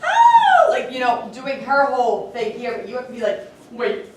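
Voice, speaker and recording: A woman directing a play rehearsal, talking animated and acting out the lines as she explains them, with lots of "like". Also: a little high, a little fast, a little hiss or hum. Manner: animated, acts out lines while explaining, many "like"s. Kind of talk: rehearsal coaching. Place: theater or school auditorium. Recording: echoey hall from far off with crowd.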